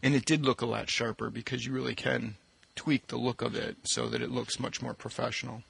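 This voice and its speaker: A man's voice: medium pitch, little pitch movement, a little fast, gravelly, a bit bright, breathy edge. A man co-hosting an education podcast, talking casually and chattily with plenty of ums. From Michigan, US. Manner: chatty, self-deprecating, fillers. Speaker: podcast co-host, school administrator. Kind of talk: casual chat. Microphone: desk microphone.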